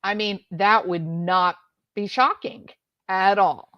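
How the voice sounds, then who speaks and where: A woman's voice: medium pitch, fairly even intonation, slow pace, no room sound, lo-fi sound. A woman host giving mocking, sarcastic commentary on a court hearing.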